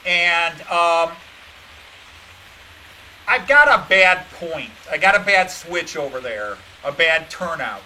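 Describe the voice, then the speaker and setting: Bright-voiced man, rambling. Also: fairly high pitch, animated, slow, pauses often, a little hiss or hum, rough recording. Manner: rambling and meandering, dejected and self-critical. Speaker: model train hobbyist streaming to viewers. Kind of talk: casual live-stream chat.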